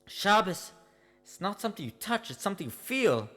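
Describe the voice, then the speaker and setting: A man's voice: sits high, very animated, normal speed, sharp tone, heavily acted. A man voicing his stern, preachy brother who keeps saying bro and yo. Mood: lecturing. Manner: lectures solemnly, peppered with "bro" and "yo". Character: laid-back slangy male brother, preachy and stern. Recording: long reverb with faint music.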